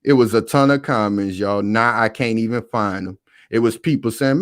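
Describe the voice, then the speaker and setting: A man's voice: on the low side, moderate pace, dry recording, studio quality. A man hosting a live stream and talking casually, preaching and calling out to his viewers again and again.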